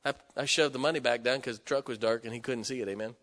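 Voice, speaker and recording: A man preaching a sermon, telling personal stories with emphatic, animated delivery. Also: mid-range voice, fast. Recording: long hall reverb.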